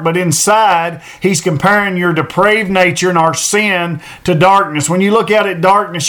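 High-voiced preacher giving an earnest sermon. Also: male voice, a bit bright. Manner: earnest, repeats phrases for emphasis, slows to read verses aloud. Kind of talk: sermon on a Bible passage.

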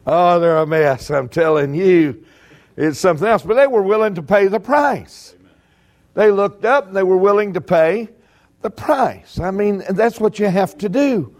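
A man's voice: high-pitched, measured pace. A man preaching a sermon, telling folksy stories with humor.

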